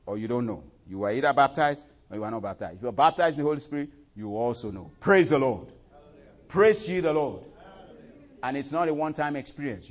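Preacher swinging from hushed to booming. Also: male voice. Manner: swells loud and high when reciting scripture, drops low and soft in asides; leads congregation in call-and-response and prayer. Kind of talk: sermon.

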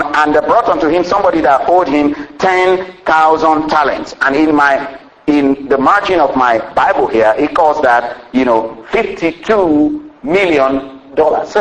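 A man's voice: a bit bright, rough recording. A man preaching a sermon in a folksy way, often saying "you know" and laughing as he explains, acting out the scripture's dialogue. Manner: acts out the scripture's dialogue with jumps in pitch.

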